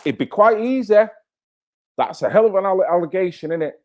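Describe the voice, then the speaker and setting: A man's voice: sits high, animated, brisk. Fired-up blunt Englishman ranting. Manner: blunt, swearing, fired-up rhetorical questions. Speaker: channel host. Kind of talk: casual live-stream commentary.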